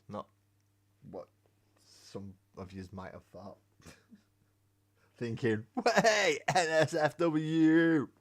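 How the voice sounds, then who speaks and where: A man hosting a casual live stream while painting miniatures, rambling, joking and swearing freely. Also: fairly low pitch. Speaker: hobby streamer. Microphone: webcam mic.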